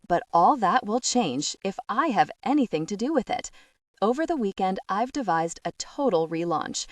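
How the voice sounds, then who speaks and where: Lively woman narrating an audiobook. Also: medium pitch, moderate pace, no room sound, distant mic. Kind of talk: first-person novel narration.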